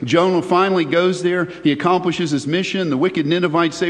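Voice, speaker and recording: A man's voice: fairly high pitch, steady tone, moderate pace, few pauses. A male pastor preaching a sermon in a chatty, conversational way, often asking his listeners questions. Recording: long reverb of a large hall.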